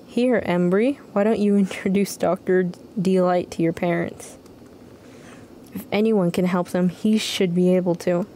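A woman's voice: lowish voice, fairly even intonation, a little slow, mellow, a little hiss or hum, lightly acted. A woman doing a kindly motherly village woman. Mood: encouraging.

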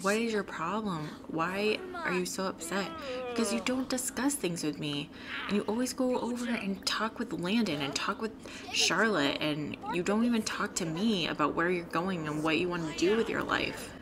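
A woman's voice: medium pitch, expressive, normal speed, noisy background, lightly acted. Woman voicing an exasperated teen boy. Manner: exasperated, defensive. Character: frustrated teen boy being dumped.

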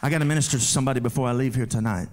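A male pastor preaching a revival sermon in a church, rising into shouted, sing-song climaxes and firing questions at the congregation. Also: mid-range voice, racing, a little hiss or hum. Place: church sanctuary during a live service.

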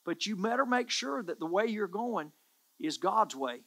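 A pastor delivering an earnest sermon, pressing each point home by repeating words and phrases. The voice is bright and forceful, with a middling pitch. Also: animated, normal speed.

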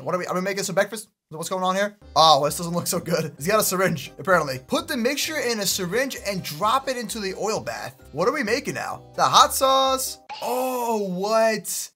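Excitable young male reaction host, lively pitch, breathy voice, joking casual tone. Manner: excitable, exclaiming, slangy and joking. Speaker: YouTube host reacting to videos.

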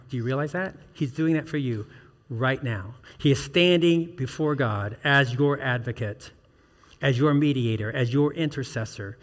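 A man's voice: medium pitch, in a large hall. A male pastor preaching an earnest sermon, asking the congregation questions and building to emphatic peaks. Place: church sanctuary.

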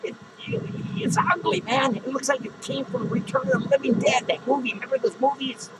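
A man's voice: very high-pitched, fairly even intonation, a little fast, very noisy. A man playing a foul-mouthed, jittery male clown who hosts a podcast and rants crudely and nervously at his viewers. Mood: anxious. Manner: swearing, rambling, nervous outbursts. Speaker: podcast host. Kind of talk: profane comedic rant to viewers. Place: podcast studio.

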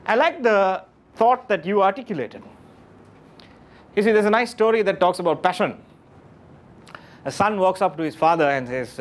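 A man's voice: high voice, moderate pace, long pauses. A man giving a motivational talk to a live audience, questioning them often and repeating key phrases for emphasis. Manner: animated, keeps questioning the audience. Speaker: motivational speaker. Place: lecture room with audience.

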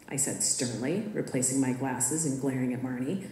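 A woman reading her own personal story aloud in a measured, expressive way, in a school auditorium. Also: extremely low pitch, a little hiss or hum. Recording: echoey hall.

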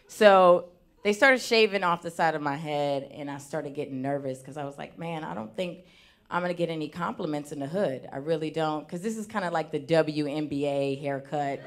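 A young woman doing a stand-up comedy set on a theater stage, talking with lively, animated swings in loudness. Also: on the low side. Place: theater stage before a live audience.

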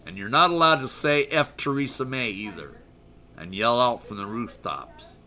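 A man's voice: medium pitch, expressive, moderate pace, pushed and bright. A middle-aged American man hosting a live stream, rambling and joking as he reads viewer chat aloud in casual talk. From United States.

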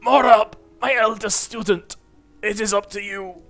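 A grandiose dying old wizard, as a man puts him on, quavering and drawing out each phrase in a raised, strained voice. His tone comes across bright and forceful, with music playing faintly behind. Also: sits high, fairly even intonation, voice pushed up. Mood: grandly dramatic. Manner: dramatic, drawn-out, quavering.

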